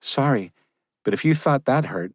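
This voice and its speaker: A fierce, caring young woman medic, spoken high and quick to tease, as a man puts her on. Her lines are lifted well above a deep male reading voice and heard close and dry. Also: expressive, no room sound, natural voice. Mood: urgent, teasing. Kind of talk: audiobook character reading.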